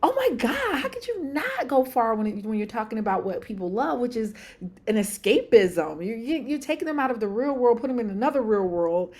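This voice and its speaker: A woman's voice: a little high, sing-song, a little fast, darkish tone. A woman author, a podcast guest, chatting casually and acting out quoted voices, often laughing.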